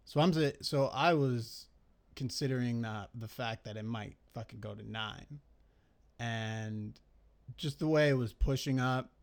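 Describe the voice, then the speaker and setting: Slow, rambling, cursing man. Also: medium pitch, gravelly. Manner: rambling, profane, self-critical, thinking aloud. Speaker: day trader reviewing his trades. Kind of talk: casual screen-recorded trade recap.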